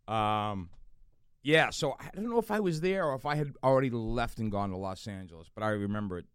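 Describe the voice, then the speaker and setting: A middle-aged man, a guest actor chatting in a podcast interview, telling animated stories with frequent restarts and fillers. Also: fairly low pitch, a little fast, smooth, dry recording, clean studio sound. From Boston area.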